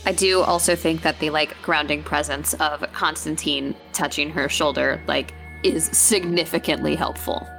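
Low raspy-voiced girl playing ttrpg, halting, emotional. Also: fairly even intonation, fairly bright tone, faint music behind. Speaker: player. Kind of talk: casual tabletop play.

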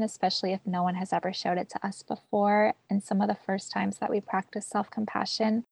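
Woman, podcast host, encouraging, reflective, gravelly fry, dry sound. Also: on the low side, no room sound. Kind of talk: casual discussion.

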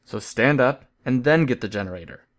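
A practical young man who speaks tersely, voiced by a male narrator. He sounds plain and matter-of-fact, rattling his lines off at a very quick pace. His timbre is set a little apart from the storyteller's own. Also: mid-range voice, fairly even intonation, close to an everyday voice.

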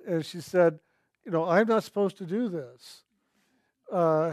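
Earnest male storyteller, higher-pitched, dry close recording. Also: darkish tone, dry recording. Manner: reflective, earnest, quotes others in his own voice. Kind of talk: personal storytelling.

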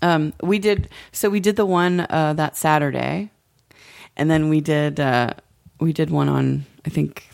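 Low, gravelly woman teasing her guests. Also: fairly even intonation, measured pace, a little mellow. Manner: teasing, joking, profane. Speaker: podcast host. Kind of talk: casual chat.

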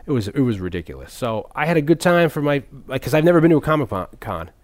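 A middle-aged man telling a story in casual chat, animated and acting out the people he quotes. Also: medium pitch, fast, no echo. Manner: animated, acts out quotes with voices.

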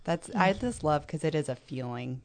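Soft-spoken woman with a very low voice. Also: expressive, moderate pace. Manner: supportive, soft-spoken, trailing quietly. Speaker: discussion participant. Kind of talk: casual group discussion.

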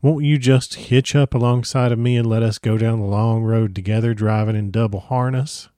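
A man's voice: medium pitch, fairly even intonation, moderate pace, mellow, no echo, clean studio sound, natural voice. A man voicing a good-humored young Texan man who speaks in an earnest, folksy way. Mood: pleading.

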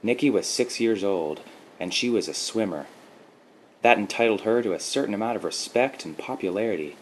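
A man narrating a short story in a steady, measured reading style, with faint background noise. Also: deep voice, poor audio. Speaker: podcast host and story reader.

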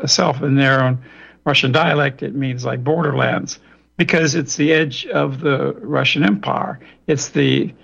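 A man's voice: fairly high pitch, gravelly, a bit bright, breathy edge. A man, a guest on a radio interview, lecturing in a long, digressive way with frequent restarts over a remote line. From Louisiana, US. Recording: dull lo-fi radio audio.

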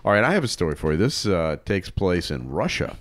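Deep male co-host, lively pitch, casual storyteller with animated outbursts. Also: a little fast, no echo, studio quality. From Chicago area, Illinois. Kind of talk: casual podcast banter.

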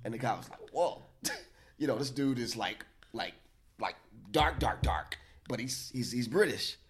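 A man co-hosting a casual discussion, telling a story in an animated way and acting out the quotes. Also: medium pitch, moderate pace, breathy edge.

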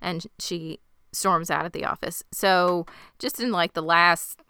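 A woman chatting about a show, retelling scenes and quoting the characters with energy. Her voice is bright and smooth, a little low in pitch, and recorded close and dry. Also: fairly even intonation, a little slow, dry recording. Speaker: podcast co-host. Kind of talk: casual chat.

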